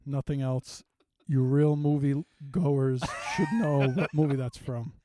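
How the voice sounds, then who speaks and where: A man's voice: mid-range voice, steady tone, slow, noisy background. A man co-hosting a comedy podcast, chatting casually and laughing often as he recaps scenes. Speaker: podcast co-host.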